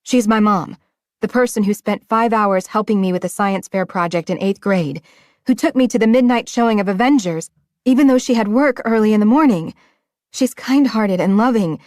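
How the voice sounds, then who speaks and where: A woman reads a first-person romance audiobook in an emotional, often hushed way. Her voice sits at a middling pitch, and the recording is close and dry with no room sound. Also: moderate pace, no room sound. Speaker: audiobook narrator.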